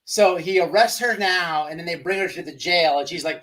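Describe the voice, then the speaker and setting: A man's voice: a little high, normal speed, hardly any pauses, a bit bright. Rambling man hosting a livestream. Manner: rambling, emphatic, many restarts. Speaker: host. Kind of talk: livestream commentary.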